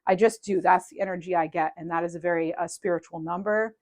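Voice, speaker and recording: Rambling, animated woman reading tarot. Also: fairly low pitch, fast. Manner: rambling, animated, lots of fillers and restarts; laughs lightly while talking. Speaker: tarot reader. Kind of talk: casual channeled tarot reading.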